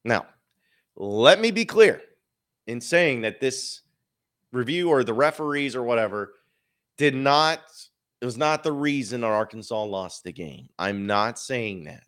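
A man's voice: mid-range voice, measured pace, a bit bright, clean tone. A man hosting a solo sports podcast, giving casual, opinionated commentary with wry asides.

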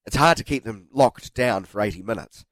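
A man's voice: lowish voice, moderate pace, no room sound. Nasal New Zealand man with a cold. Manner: animated, teasing, self-mocking. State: blocked nose from a cold. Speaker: radio sports show host. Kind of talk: casual sports radio chat. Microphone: studio microphone.

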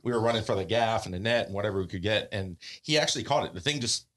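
Animated storytelling man, bright voice. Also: lowish voice, rapid-fire. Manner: animated, acts out quotes, laughs often. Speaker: podcast guest, offshore fisherman. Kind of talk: casual storytelling.

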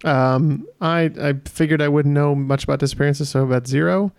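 Chill deadpan guy on a trivia podcast, gravelly, dry sound. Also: a little high, brisk, dry recording. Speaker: podcast co-host. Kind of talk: casual podcast banter.

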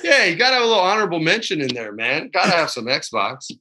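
A man's voice: fairly high pitch, expressive, quick pace, sharp tone. A man in his forties, a guest in a casual interview, speaking candidly and with feeling, often adding "man" and "dude". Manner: candid, emotional, says "man" and "dude" a lot.

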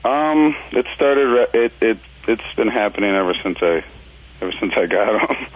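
Lowish guy calling in about his dog, umming a lot, from minnesota. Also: lively intonation, moderate pace, highs cut off, a little hiss or hum. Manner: hesitant, lots of ums, laughs easily. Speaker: caller. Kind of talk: phone-in call.

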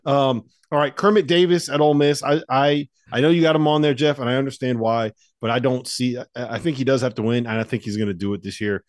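A man with a mid-pitched voice leads a sports podcast, jumping in eagerly and handing questions around. His voice sits close to the mic with no room sound at all. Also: fast, few pauses, no room sound. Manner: eager, directs the talk and hands off questions. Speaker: podcast host. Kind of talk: casual sports chat, hosting.

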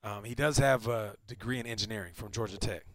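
A man in his thirties, a former football player, co-hosting a casual chat and telling stories with lively, acted-out quotes. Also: fast talker, dry recording, clean studio sound. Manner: animated storyteller, acts out quotes with big pitch swings. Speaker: podcast co-host, former NFL receiver.

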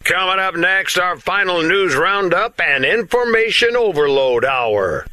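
A man reading a radio promo with booming announcer delivery. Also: lively intonation, unhurried, bright, forceful tone, no echo. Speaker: station announcer. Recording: promo over music bed.

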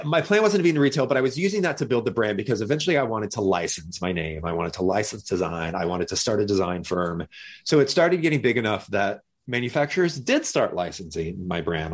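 Animated man telling a story. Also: on the low side. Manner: animated, acts out other people's lines in jumpy voices. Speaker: guest. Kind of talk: casual storytelling.

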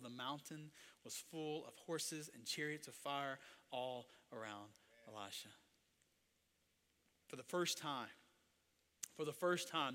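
A man preaching a sermon. He moves between hushed storytelling and loud, impassioned passages. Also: fairly high pitch, big-room sound. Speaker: pastor.

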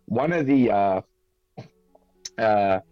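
An Australian man with a low voice tells an embarrassing story about himself and laughs at it. The sound is dry, with faint music behind him. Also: lively intonation, drawn-out words, dry recording, muffled recording. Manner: laughing, self-mocking anecdote. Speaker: guest fighter and podcaster. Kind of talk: casual interview storytelling.

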